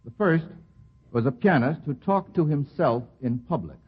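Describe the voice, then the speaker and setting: Husky guy hosting an old radio quiz, brisk and amused, muffled lo-fi sound. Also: a little high, expressive. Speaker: quiz show moderator. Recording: lo-fi 1940s radio broadcast.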